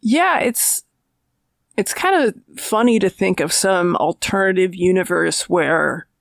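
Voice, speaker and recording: A woman's voice: on the low side, expressive, slow pace, creaky, dry recording. A woman film critic talking casually as a podcast guest, thinking aloud and circling back with restarts.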